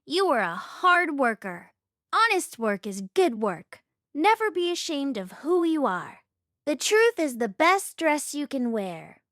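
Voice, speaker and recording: A kind, wise mother speaks gently and reassuringly, as a woman narrator reads her. She talks slowly in a fairly high, lively voice that sounds dry and close. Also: dry recording, exaggerated voice. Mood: gentle.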